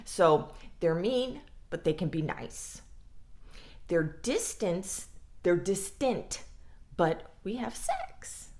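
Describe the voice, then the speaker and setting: Woman, vlogger; unhurried, profane, frank delivery, mid-pitched voice. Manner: blunt, swears freely, frank. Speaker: mental health vlogger. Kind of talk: casual talk to camera.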